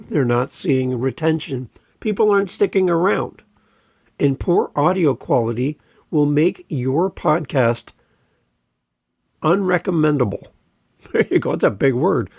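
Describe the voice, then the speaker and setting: A man on a podcast coaches listeners on running their shows. His voice sits a little high with a gravelly edge, and he drives each point home with emphatic repetition. He is recorded close on a dry mic. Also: a little mellow, dry recording. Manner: direct and emphatic, repeats key points. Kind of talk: podcast advice talk. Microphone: close studio microphone.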